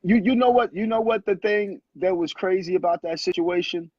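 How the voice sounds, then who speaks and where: Casting note: animated male storyteller, high voice, dry lo-fi sound. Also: moderate pace, no room sound. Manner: animated storyteller who acts out quotes. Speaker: guest, former pro basketball player. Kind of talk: casual storytelling interview. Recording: muffled lo-fi audio, husky.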